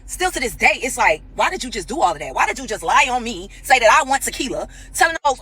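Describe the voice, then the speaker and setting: A woman with a fairly high voice and a forceful, tense edge tears into someone in a heated rant to the camera. She is profane and confrontational. She makes her points again and again. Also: very animated, fast talker, hardly any pauses, breathy edge, low-quality recording. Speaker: reality TV personality. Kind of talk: angry direct-to-camera rant.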